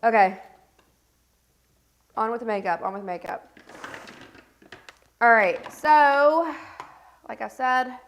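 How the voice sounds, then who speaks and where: A woman's voice: on the high side, slow pace, vocal fry, long pauses, fairly bright tone. A woman with a stuffed-up, scratchy congested voice hosts a casual get-ready-with-me makeup livestream from her home set. She rambles with lots of fillers while doing her makeup.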